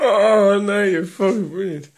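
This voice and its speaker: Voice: medium pitch, a little slow. A friend eagerly calling out requests in casual chat, giggling between them.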